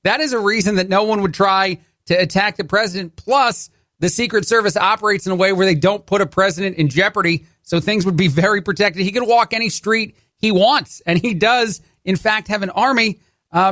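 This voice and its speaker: A man's voice: sits high, fairly bright tone, no room sound, studio quality. A man from New Jersey with a Jersey accent, filling in as a talk radio host with conversational, sarcastic commentary. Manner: conversational, sarcastic asides, frequent "uh" restarts.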